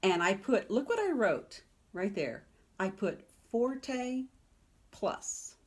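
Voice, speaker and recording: A woman's voice: mid-range voice, very animated, takes it slowly, breathy edge. A woman piano teacher giving a teaching webinar in a chatty, emphatic way, often checking in with "okay?" and "right?".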